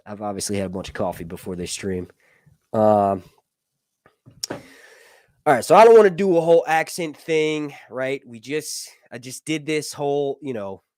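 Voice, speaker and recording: A man's voice: on the high side, no room sound, clean studio sound. A man in his early thirties, host of a casual live stream, rambling, joking and swearing as he loses his train of thought. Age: 30s.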